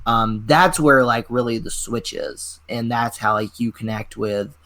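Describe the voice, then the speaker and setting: A man in his twenties, a pro wrestler guest telling rambling, animated stories in a casual interview, full of filler words. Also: mid-range voice, measured pace. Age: 20s.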